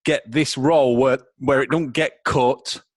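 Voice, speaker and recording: Tired podcast host, dry sound. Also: male voice, medium pitch, fairly even intonation, a little slow, no echo. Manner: chatty, enthusiastic, stumbling restarts. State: losing his voice, tired. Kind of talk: casual interview chat and outro.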